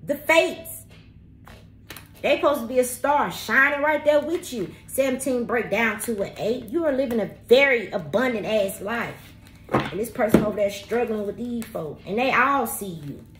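A woman's voice: a little high, animated, moderate pace, over music. A woman giving a tarot reading, talking to viewers in a blunt, slangy, profane and emphatic way. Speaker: tarot reader. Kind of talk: spirited tarot reading monologue. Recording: roomy echo with faint background noise.

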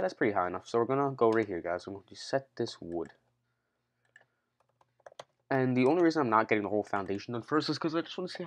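A Minecraft tutorial host with a fairly low voice narrates a casual game-building session, out of breath after a workout. He chats loosely and without a script, calling his viewers "guys," counting blocks aloud, and switching plans mid-sentence.

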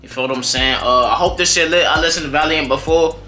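A man's voice: fairly high pitch, fast talker, bright, forceful tone. A man hosting a music reaction video, talking to viewers in loose, slangy casual chat. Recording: echoey room with faint music behind.

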